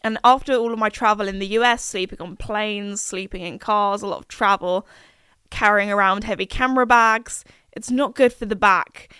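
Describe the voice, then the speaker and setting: Young woman host, smooth clear voice, dry close mic, rambling casual chat. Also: mid-range voice, bright, forceful tone, dry recording. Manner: chatty and rambling, many fillers. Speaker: podcast host.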